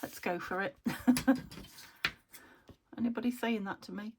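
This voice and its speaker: In a slightly high voice that moves a little slowly, with background noise behind her, a woman from the UK walks through a junk journal craft. She chats to herself as she works, chuckling and slipping into half-whispered asides.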